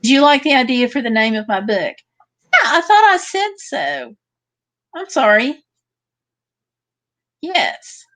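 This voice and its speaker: A woman's voice: high-pitched, big pitch swings, takes it slowly, pauses often, fairly bright tone. A woman hosting a casual livestream, reading out viewer comments and chatting back to them. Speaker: livestream host.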